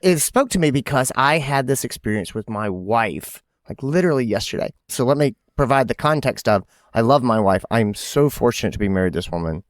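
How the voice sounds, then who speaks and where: A man's voice: medium pitch, expressive, a little fast, hardly any pauses, no room sound, clean studio sound. A middle-aged man co-hosting a podcast in casual chat, telling a story and acting out his own quotes with energy. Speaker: podcast co-host.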